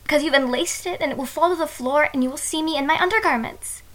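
A woman's voice: high voice, fairly bright tone, rough recording. A woman playing a shy, innocent young bride in an audio role-play, speaking hesitantly and sometimes dropping to a whisper. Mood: tender. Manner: hesitant, halting, drops to whispers.

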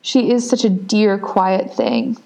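A woman's voice: mid-range voice, sing-song, takes it slowly, gravelly, warm tone, dull audio, exaggerated voice. A woman voicing a polite, chatty young girl in a storybook reading. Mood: soothing. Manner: soothing, eager.

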